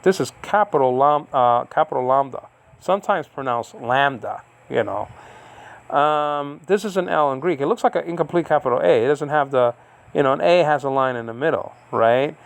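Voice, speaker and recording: Gravelly man teaching with many pauses. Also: a little high. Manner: explains slowly with many fillers and checks. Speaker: Greek language teacher. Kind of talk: recorded lesson. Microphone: recording on a device he operates.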